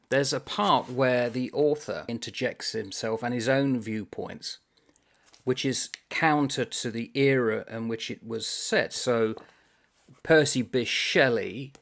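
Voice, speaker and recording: A man's voice: medium pitch, a little slow, gravelly, fairly bright tone. Book channel guy rambling about a comic novel, amused, reads passages out. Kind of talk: casual book discussion with read-aloud passages.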